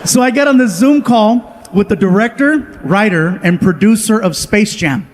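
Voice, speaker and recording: Animated stand-up comedian, high voice. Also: male voice, background noise. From Southern California. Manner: animated, acts out family and friends in quick voice switches. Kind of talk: stand-up storytelling. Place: comedy stage before a live audience.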